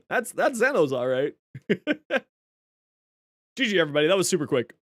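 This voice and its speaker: A man's voice: high voice, big pitch swings, a little slow, no echo, clean studio sound. A male streamer giving casual gameplay commentary, a chatty storyteller who laughs often, talking into a desk mic.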